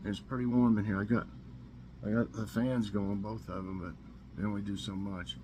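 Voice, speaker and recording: A man from Tennessee hosting a casual trivia vlog, a little hoarse, easygoing and chuckling to himself. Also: fairly low pitch, little pitch movement, moderate pace, warm tone, a little hiss or hum, poor audio. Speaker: vlog host. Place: warm room indoors.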